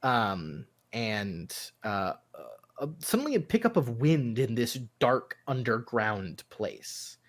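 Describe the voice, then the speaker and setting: A man narrating a tabletop role-playing game as game master, in a halting way full of fillers. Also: mid-range voice, sing-song.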